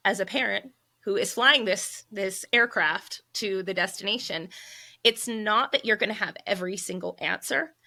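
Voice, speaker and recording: Bright, gravelly woman co-hosting a podcast. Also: medium pitch, normal speed. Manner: animated storyteller with filler words. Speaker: podcast co-host and psychologist. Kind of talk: casual podcast chat.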